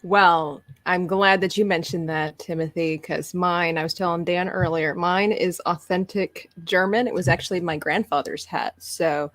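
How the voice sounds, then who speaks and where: A woman co-hosting a live podcast, chatty and quick to laugh. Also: fairly low pitch, fairly even intonation, fairly bright tone, no room sound. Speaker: podcast co-host. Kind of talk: casual live-stream chat.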